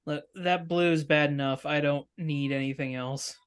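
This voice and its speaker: A man's voice: on the high side, steady tone, moderate pace, clear, resonant tone, faint music behind, lightly acted. A man playing a hesitant, stammering teen boy hero. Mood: flustered. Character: awkward teen boy superhero. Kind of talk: tabletop role-play.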